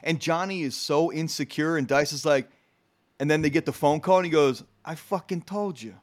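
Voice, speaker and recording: A man's voice: on the high side, brisk. A man in a casual podcast conversation, talking with enthusiasm and swearing casually.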